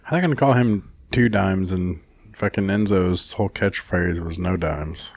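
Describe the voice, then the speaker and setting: A man in casual chat about wrestling, teasing his friends with quick jokey remarks. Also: low voice, dry recording.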